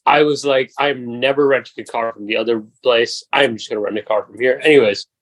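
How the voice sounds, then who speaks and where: A young man in his twenties spins a long, swearing-laced story as a podcast host, his voice at an ordinary middle pitch. The sound is dry and close, with no room around it. He talks in a loose, animated way. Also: brisk, dry recording, low-quality recording. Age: 20s. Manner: profane, animated anecdote telling. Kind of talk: casual storytelling chat.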